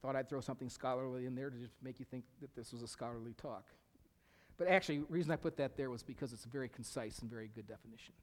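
A man's voice: medium pitch, rapid-fire. A middle-aged male pastor preaching a sermon, emphatic, repeating key phrases and sometimes dropping to a whisper. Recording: long reverb of a hall.

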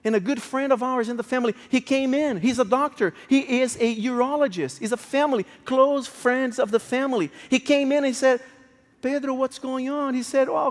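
Male preacher, high-pitched, emotional storytelling sermon, long hall reverb. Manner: emotional, swings from hushed to raised.

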